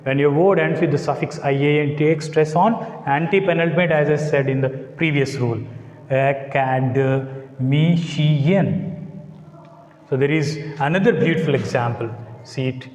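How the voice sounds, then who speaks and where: A male teacher giving a lecture to a class, speaking slowly and deliberately, repeating words and spelling out letters one by one. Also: on the high side. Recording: echoey classroom, long reverb.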